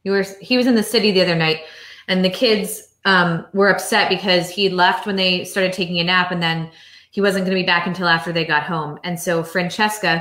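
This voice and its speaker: A woman's voice: lowish voice, reverberant. Woman telling a family story animatedly. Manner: animated storyteller, acting out quotes. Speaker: author and mother, guest. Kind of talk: casual interview storytelling.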